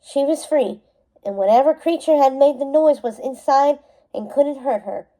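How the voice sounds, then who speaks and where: A woman reading a novel aloud chapter by chapter, in steady narration that sometimes slips and corrects itself. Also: high voice, normal speed, low-quality recording. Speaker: storybook reader.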